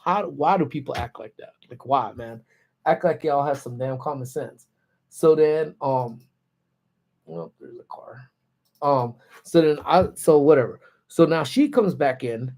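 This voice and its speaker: Casual dude chatting on a live stream from his car, animated, slangy, everyday pitch. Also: measured pace. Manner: animated, laid-back slangy talk. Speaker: livestream host. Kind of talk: casual storytelling. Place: parked car.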